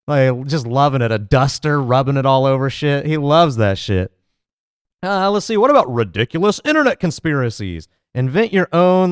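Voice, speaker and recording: A man's voice: medium pitch, smooth, no room sound, studio quality. A man hosting a comedy podcast, ranting in a loose, profane, fired-up and rambling way. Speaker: podcast host. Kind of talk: casual comedic rant.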